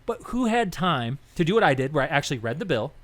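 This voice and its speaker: A young man co-hosting a podcast, telling stories in a rambling, animated way and acting out the people he quotes. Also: a little high, fast talker. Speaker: podcast co-host. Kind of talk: casual political chat.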